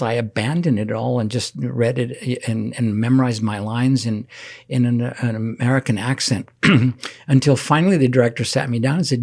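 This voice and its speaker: Older guy chatting as a guest, lots of restarts, little laughs. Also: mid-range voice. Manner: halting, many restarts and soft laughs. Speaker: interview guest. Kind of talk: casual storytelling interview.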